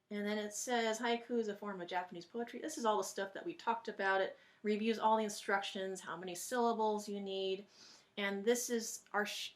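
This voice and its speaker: A woman teacher giving a recorded lesson for her class, patient and encouraging, thinking aloud and slowly sounding out words. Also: mid-range voice.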